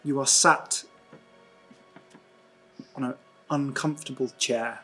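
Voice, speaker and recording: A man narrating a tabletop role-playing game as game master, in slow, hushed, dreamy descriptions. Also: medium pitch, steady tone, faint music behind.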